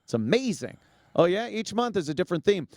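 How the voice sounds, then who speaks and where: A man's voice: high voice, big pitch swings, brisk, a little mellow, dry recording, clean studio sound. Jokey man hosting a talk show. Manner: jokey, laughs often, rambling ad read. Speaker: podcast host. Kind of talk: casual chat and live ad read.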